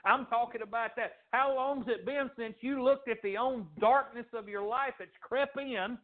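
A man preaching a sermon, swinging his pitch dramatically and acting out the voices of the people he quotes. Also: normal speed. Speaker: pastor. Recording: tinny phone-like sound.

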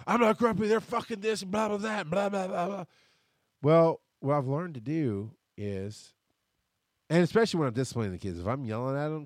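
A man's voice: on the low side, a little mellow, no room sound, studio quality. A man in his thirties hosting a podcast, talking bluntly and rambling through a casual personal monologue, swearing freely. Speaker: podcast host. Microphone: headphones and desk mic.

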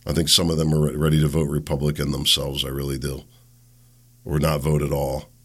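A man's voice: rumbling low, completely flat delivery, brisk, fairly bright tone, slightly rough. A man hosting a solo political talk show, blunt and sarcastic, rambling with restarts.

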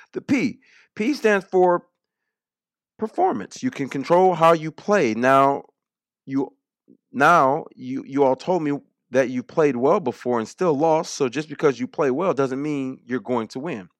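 Animated male talk radio host. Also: a little high, no echo, clean studio sound. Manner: emphatic, repetitive, animated. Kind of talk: political talk radio monologue.

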